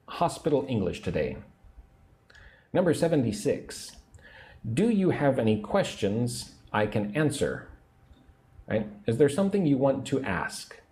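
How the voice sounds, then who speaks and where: A man teaching English on a livestream, speaking slowly and patiently and repeating phrases for learners. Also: mid-range voice, dark tone. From United States.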